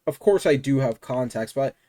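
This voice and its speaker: A man's voice: mid-range voice, lively intonation, moderate pace. Slangy man telling a storytime. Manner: slangy, emphatic, bursts into loud exasperated outbursts. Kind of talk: casual storytime.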